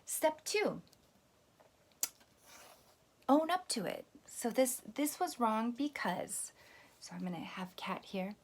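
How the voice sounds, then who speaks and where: A young woman teaching young children how to apologize, speaking gently and patiently and explaining each step, now and then acting out sample apologies. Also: on the high side, very animated, slow pace, pauses often. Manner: acts out sample apologies to a pretend friend. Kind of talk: lesson for children.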